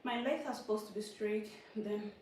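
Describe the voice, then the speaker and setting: A woman's voice: fairly high pitch, fairly even intonation, takes it slowly, darkish tone. A woman vlogging her workout, counting reps aloud and cheering herself on. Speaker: vlogger working out on a live stream. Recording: echoey room, mic far off, faint noise.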